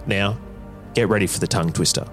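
A low-pitched male narrator delivers scripted documentary lines, dramatic and measured as he works through facts and figures. Faint music runs behind his voice.

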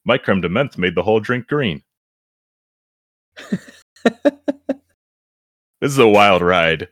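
A man with a low voice talks animatedly on a casual podcast. He laughs easily and restarts his sentences as he goes. The sound is dry and close. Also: slow, no room sound. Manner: animated, laughs while reading, restarts often. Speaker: podcast guest reading reviews.

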